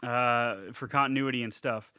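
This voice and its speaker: Man, podcast co-host, casual recap, animated and profane, bright voice, dry sound. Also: mid-range voice, normal speed, smooth, no echo. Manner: animated, profane retelling with frequent fillers. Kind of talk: casual movie recap chat.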